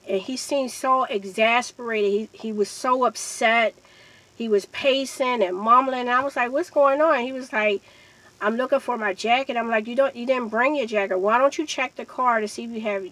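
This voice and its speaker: A woman's voice: fairly high pitch, poor audio. A young woman vlogger telling a personal story in a casual, conversational way, rising sharply when she quotes people. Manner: conversational, animated when quoting others. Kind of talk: storytime monologue.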